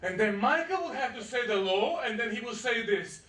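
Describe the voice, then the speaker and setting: A man's voice: very high voice, lively intonation, normal speed, bright, forceful tone, distant mic. A male pastor giving a sermon, telling a story with playful asides to the congregation. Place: church hall. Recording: echoey church from afar.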